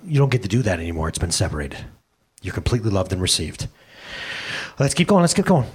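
Into a handheld mic, a mid-range-voiced man in his thirties preaches as pastor, full of animation. He moves between booming moments and hushed asides, giving voice to the people he quotes.

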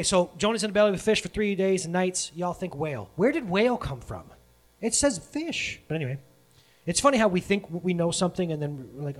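A male preacher gives a loose, conversational sermon with a fairly high voice that swings widely up and down. He jokes as he retells the story, adds playful asides, and often stops mid-sentence to fix what he said. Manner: self-correcting, breaks off mid-sentence. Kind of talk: casual sermon.

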